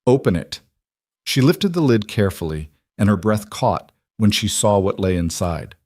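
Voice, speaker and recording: A man narrating a scripted story in a measured, gentle way. His voice is on the low side, recorded close and dry with no room sound. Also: very animated, no echo.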